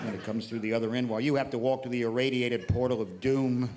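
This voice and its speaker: A middle-aged American man doing stand-up comedy with sardonic, deadpan put-downs and sudden shouted bursts. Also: medium pitch, quick pace. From United States. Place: theatre stage before a laughing audience. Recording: echoey live venue, loud audience noise.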